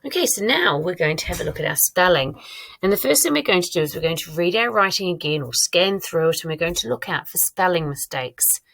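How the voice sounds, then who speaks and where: A woman teacher giving a recorded online lesson, modelling her own writing aloud in a clear, encouraging way. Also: lowish voice, animated, brisk, a bit bright. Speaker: primary school teacher.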